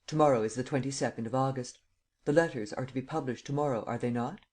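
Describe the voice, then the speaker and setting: A man voicing a commanding imperial visitor who speaks calmly and evenly, in an audiobook reading. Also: mid-range voice, quick pace, lightly acted. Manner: calm, even, stating rather than asking.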